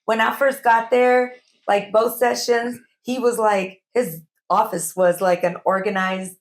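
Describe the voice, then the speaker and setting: A fairly high-voiced young woman co-hosting a podcast. She tells stories with lively energy and laughs often. Her talk is loose, casual chat. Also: unhurried. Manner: animated storyteller, laughs often. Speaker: podcast co-host.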